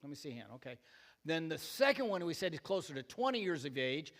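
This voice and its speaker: Older male pastor, slightly high voice, humorous self-mocking sermon delivery to a church. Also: big pitch swings, fast, fairly bright tone, in a large hall. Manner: joking, self-deprecating storyteller.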